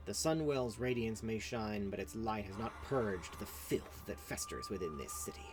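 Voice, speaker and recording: A man reading a grim, brooding woman investigator's quest lines in a low, slow, ominous voice. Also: music in the background, lightly acted. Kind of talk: reading quest text aloud.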